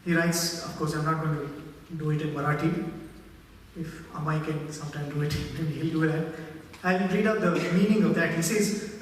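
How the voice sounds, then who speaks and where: A man giving a devotional talk, telling stories in an animated, reverent way, recorded in a large hall from far off. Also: fairly high pitch, normal speed, a little hiss or hum. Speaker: spiritual speaker. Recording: echoey hall heard from far off.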